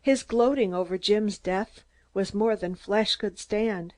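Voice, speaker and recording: Female audiobook narrator, measured scripted storytelling. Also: medium pitch, darkish tone.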